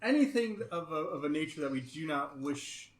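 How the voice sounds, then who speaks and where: A man playing a halting noble lord. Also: fairly high pitch, expressive, natural voice. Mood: guarded. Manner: hesitant, halting speech with many fillers. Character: stiff, cautious middle-aged male noble lord. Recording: roomy echo, faint noise.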